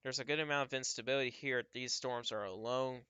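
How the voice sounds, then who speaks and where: Male storm-tracking streamer, casual think-aloud delivery, smooth bright tone. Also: mid-range voice, steady tone, brisk, dry recording. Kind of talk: live weather commentary.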